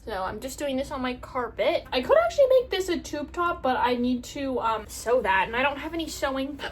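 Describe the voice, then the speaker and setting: A chatty young woman vlogging from her bedroom, her voice sitting a little high as she rambles loosely through her clothes. She swears casually and has the hiccups. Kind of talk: casual chat while sorting and cutting clothes.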